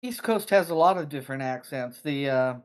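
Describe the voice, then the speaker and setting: Curious, questioning voice in a relaxed group chat. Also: mid-range voice, a little fast. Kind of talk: casual chat among friends.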